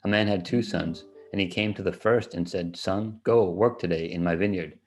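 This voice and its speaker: A man giving a steady, measured reading of scripture aloud. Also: low voice. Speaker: scripture reader.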